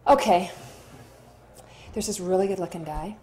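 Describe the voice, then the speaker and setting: A woman's voice: fairly low pitch, moderate pace, mellow. Chatty woman in a roomy echo. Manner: chatty, rambling, acts out quoted dialogue. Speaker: actor being interviewed. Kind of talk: candid interview storytelling.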